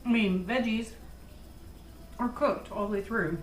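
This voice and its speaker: A woman's voice: mid-range voice, a little slow, long pauses. A chatty, cheerful woman talks casually in a home kitchen. Her mid-range voice echoes around the room. Faint noise sits underneath. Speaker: vlogger. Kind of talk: casual chat.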